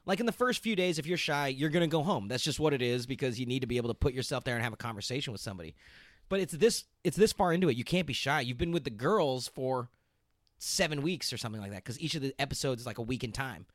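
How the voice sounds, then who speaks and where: Male podcast co-host, mid pitch, chatty and casual, dry close sound. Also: quick pace, no room sound. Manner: chatty, animated recapping with frequent laughs. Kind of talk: casual chat.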